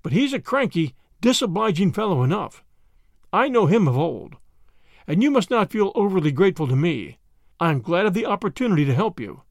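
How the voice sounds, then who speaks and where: A man voicing a quiet, kindly stranger on a train who speaks calmly. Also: high-pitched, fairly quick, dry recording, studio quality, full character voice. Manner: quiet, calm.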